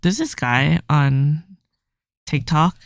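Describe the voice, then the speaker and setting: A woman's voice: sits low, no echo. Chatty young woman, dry close mic. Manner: fast, animated storytelling with lots of "like". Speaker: podcast co-host. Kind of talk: casual chat.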